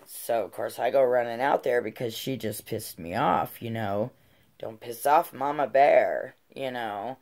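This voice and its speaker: A woman's voice: rumbling low, expressive, unhurried, a little mellow. A middle-aged woman telling a personal story in a casual, profane, heated way.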